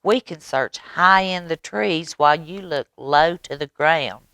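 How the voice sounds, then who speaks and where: Lady doing helpful little birds, friendly, low and slow. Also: a bit bright, smooth, no echo. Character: helpful pair of small songbirds.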